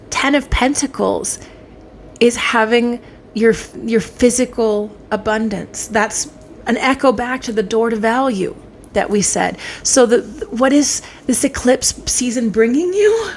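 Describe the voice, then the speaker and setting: A woman from Canada giving an excitable, emotional tarot pick-a-card reading. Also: high-pitched, slight background noise. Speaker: tarot reader.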